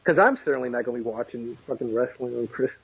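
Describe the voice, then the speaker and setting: Gravelly co-host on a dull lo-fi mic. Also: male voice, medium pitch, fast talker. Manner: blunt, swears casually. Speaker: podcast co-host. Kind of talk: casual podcast chat. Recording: dull lo-fi mic with faint hiss.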